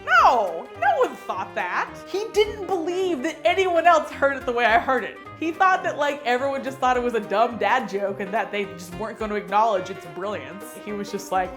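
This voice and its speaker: A woman's voice: on the high side, fairly quick, few pauses, over music. A young adult woman hosting a show, telling a funny personal story in a chatty, self-mocking way with some playful swearing. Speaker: host. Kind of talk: casual comedic storytelling.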